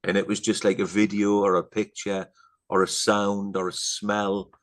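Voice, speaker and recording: A middle-aged man from England, a podcast guest telling a story in casual chat, rambling through fillers and asides and often dropping to a hushed, earnest voice. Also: on the low side, completely flat delivery, normal speed.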